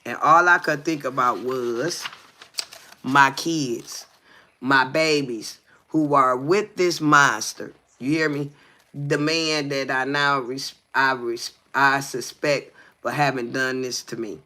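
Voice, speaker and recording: Man, livestream co-host, reads aloud slowly, stumbles over words, bright edgy voice. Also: mid-range voice, steady tone. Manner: stumbling reading, frequent "you hear me" asides. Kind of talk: reading a text aloud with comments.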